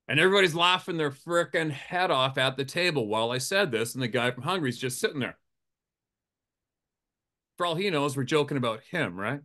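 A man who works as a hunting guide, telling a profane, animated campfire story, laughing often and acting out the quotes in a raised voice. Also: medium pitch. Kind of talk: casual storytelling. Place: campfire outdoors.

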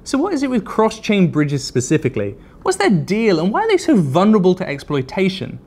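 A man's voice: high voice, huge pitch swings, fairly quick, a little mellow, breathy edge. A man presenting a scripted crypto news segment in a wry, sarcastic way.

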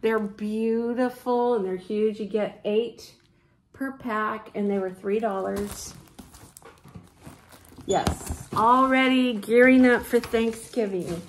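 A woman's voice: a little high, fairly even intonation, slow, a little hiss or hum. A woman chatting through a casual shopping haul vlog at home, bubbly and talkative, keeps addressing viewers as "you guys". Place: at home, with her mother nearby. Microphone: propped-up phone camera.

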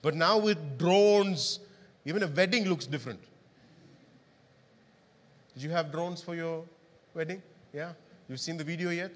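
A man's voice: a little high, unhurried, long pauses. A male pastor preaching a sermon, often asking the congregation questions. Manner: interactive, asks the congregation questions. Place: church hall. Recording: long hall reverb.

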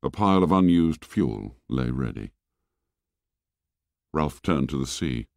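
A man narrating a novel as an audiobook, reading dramatically and sinking low and soft on grim lines. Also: big pitch swings, measured pace, creaky, no echo, studio quality.

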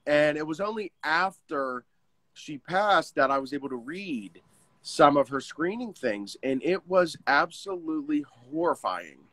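Earnest, halting man telling his story. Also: a little high, expressive, fairly bright tone, no echo. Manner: halting, many restarts, earnest. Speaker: interview guest. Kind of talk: candid personal storytelling. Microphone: video call.

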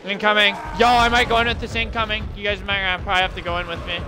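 A young man streaming a team game live, giving rapid callouts and countdowns to his teammates, slangy and swearing. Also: sits high, little pitch movement. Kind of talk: live gameplay commentary to teammates.

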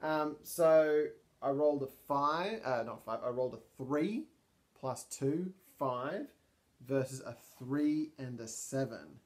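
A man with a mid-range voice narrates a solo tabletop game at a slow pace, playing and telling the story at once. He thinks aloud, with plenty of ums and restarts.

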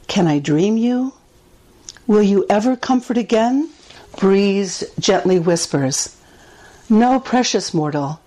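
A woman, a poet reading her own poems aloud in a slow, gentle way with pauses. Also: mid-range voice, rough recording.

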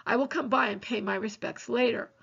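A woman's voice: fairly high pitch, fairly quick, creaky, a bit bright, breathy edge, heavily acted. A woman voicing a weary male village reverend who speaks plainly and reassuringly. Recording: dull lo-fi recording.

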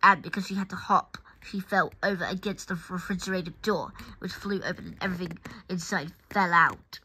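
A woman reading a children's picture book aloud, expressive and talking straight to the listener. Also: on the low side, brisk, slight background noise. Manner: expressive, addresses the listener directly. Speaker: storybook reader.

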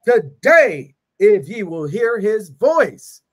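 A man reading verses aloud, pacing each phrase with measured emphasis. His voice is high and swings widely in pitch as he reads. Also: very animated. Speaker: scripture reader in a Bible discussion.

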